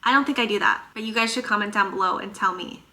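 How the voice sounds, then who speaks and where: Young woman vlogger from northern Minnesota, middle-pitched, bright tone, casual animated chat. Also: fast. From northern Minnesota, USA. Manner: chatty, animated, emphatic repeats. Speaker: chiropractor and vlogger. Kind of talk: casual get-to-know-me chat.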